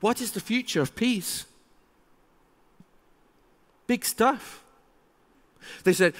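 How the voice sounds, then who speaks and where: A man giving a conference keynote speech, animated and emphatic, with rising exclamations. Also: sits high, slow, long pauses. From England. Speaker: keynote speaker. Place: large conference hall. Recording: reverberant hall.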